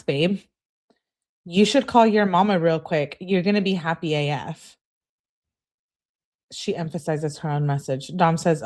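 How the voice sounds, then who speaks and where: Low-voiced woman reading texts aloud. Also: a little mellow. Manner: emphatic, exasperated asides. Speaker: true crime channel host. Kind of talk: reading text messages aloud with commentary.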